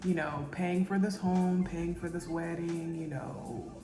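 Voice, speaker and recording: A woman's voice: lowish voice, steady tone. Young woman vlogging at her kitchen table, kinda teary, lots of ums, echoey room, bit of music. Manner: candid, halting, many fillers. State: emotional, near tears. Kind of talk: reflective personal vlog talk. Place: kitchen at home.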